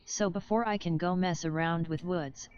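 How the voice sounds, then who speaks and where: A woman's synthetic voice reading out viewers' chat messages in a flat manner. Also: fairly low pitch, moderate pace. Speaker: text-to-speech chat reader. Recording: dull lo-fi sound with faint hiss.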